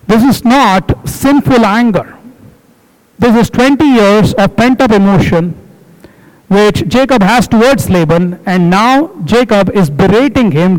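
Male preacher, high voice, emphatic and repetitive, sermon delivery. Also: a little mellow, rough recording. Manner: emphatic, repetitive exhortation, explains words.

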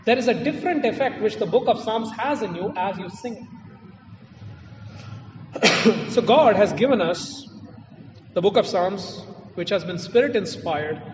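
A man's voice: high-pitched, expressive, a little slow, long pauses, background noise. A man preaching a sermon in a church, emphatic and repeating his key phrases. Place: church hall. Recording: distant echoey hall, muffled.

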